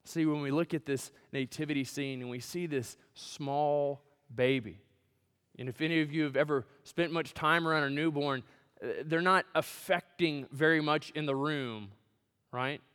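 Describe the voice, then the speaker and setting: A male pastor preaching a sermon in a church, swinging from loud, emphatic build-ups to hushed, near-whispered lines. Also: on the high side, moderate pace, clean tone. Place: church sanctuary. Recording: long hall reverb.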